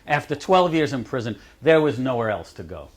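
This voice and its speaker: This advocate, addressing a college lecture audience, talks fairly quickly in a very animated, medium-pitched voice. His storytelling is chatty, full of anecdotes, and he laughs at his own jokes in the lecture room.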